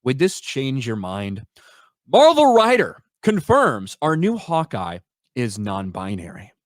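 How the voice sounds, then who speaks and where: A man's voice: mid-range voice, wildly swooping pitch, slow, no room sound, clean studio sound. Sarcastic man in casual commentary. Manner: sarcastic, mocking. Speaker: co-host.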